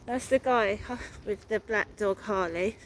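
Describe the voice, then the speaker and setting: A woman's voice: medium pitch, unhurried, slight background noise, low-quality recording. A woman narrating a walking vlog outdoors, talking in a rambling, repetitive, suspicious way. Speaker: vlogger. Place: outdoors, walking through a town.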